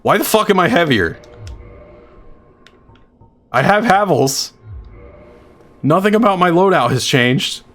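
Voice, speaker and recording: A man's voice: high voice, animated, slow pace, pauses often, a bit bright, soft background music. A man casually commenting on his own gameplay, joking, swearing and talking back to the game. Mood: incredulous. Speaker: streamer.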